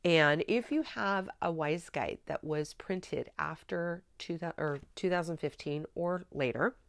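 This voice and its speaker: A woman training teachers in a spelling method, explaining clearly and deliberately in a coaching tone. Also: on the low side, no room sound. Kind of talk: instructional teaching demonstration.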